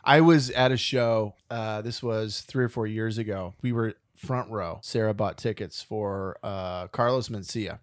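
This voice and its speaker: Spinning a lengthy tale in relaxed podcast conversation, this co-host acts out the characters' quotes like an animated storyteller. He has a lowish, unhurried voice with few pauses, recorded clean and dry in a studio.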